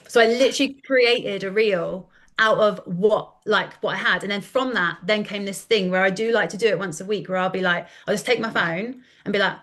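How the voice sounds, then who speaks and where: A woman in her thirties, a content coach talking in a casual podcast interview, chatty and animated, often acting out quoted dialogue. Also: mid-range voice, quick pace. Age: 30s.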